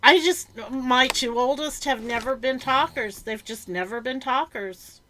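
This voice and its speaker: A woman's voice: high-pitched, measured pace, a little hiss or hum, low-quality recording. A middle-aged woman chatting casually on a video call, telling family stories and acting out both sides of phone calls. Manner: animated storyteller who acts out family phone calls. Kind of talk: casual chat.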